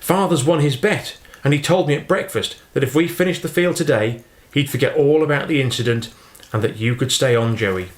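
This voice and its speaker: A man's voice: mid-range voice, a little fast, few pauses, pitched above the performer's own voice, natural voice. A man voicing an eager, affectionate fifteen-year-old farm boy in an audiobook reading. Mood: proud. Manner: earnest, affectionate, chatty. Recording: roomy echo.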